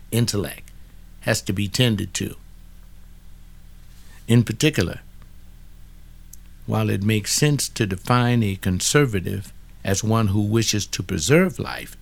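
Gravelly older man, blunt and preachy. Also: fairly low pitch. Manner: blunt, preachy, talks back to an imagined listener. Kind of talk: casual spoken commentary on a book.

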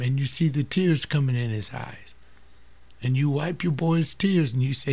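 Brief: older male preacher, gravelly, impassioned, drops from loud appeals to near-whispers. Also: mid-range voice, moderate pace. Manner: acts out family dialogues, swings from loud to hushed. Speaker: teacher giving a sermon-like talk.

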